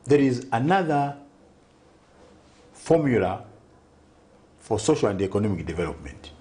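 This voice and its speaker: A politician answering questions in a studio interview. His pitch rises and falls a lot as he presses each point, and he keeps checking "Okay?" with the host. His voice sits at an ordinary middle height. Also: sing-song, unhurried, mellow. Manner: emphatic, argues point by point and keeps asking "Okay?". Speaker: political party president.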